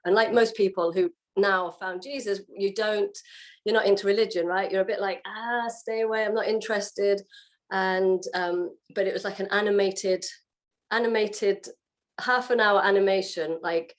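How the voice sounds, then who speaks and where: A woman, a guest on an interview show, telling her personal story in a casual way and acting out her own past reactions. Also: medium pitch. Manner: animated, acts out what she said and felt. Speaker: guest sharing her testimony.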